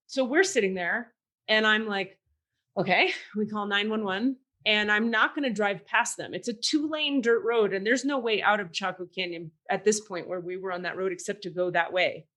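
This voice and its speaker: A woman hosting a podcast, telling a story in casual chat, animated and swearing, acting out the voices of people she quotes. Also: mid-range voice, normal speed. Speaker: podcast host.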